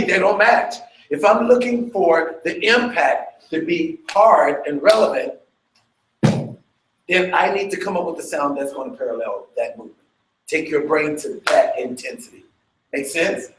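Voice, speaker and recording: A man with a high voice runs a dance fitness workshop at an unhurried pace, talking casually, checking in with listeners and belting out beats and sounds with energy. The echoey room has a noisy background.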